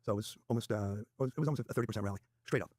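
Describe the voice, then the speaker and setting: Man, interview guest, rapid anecdotes, quoted dialogue, husky voice, very fast. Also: fairly low pitch, a little mellow, no echo, studio quality. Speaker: guest trader. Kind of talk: interview storytelling.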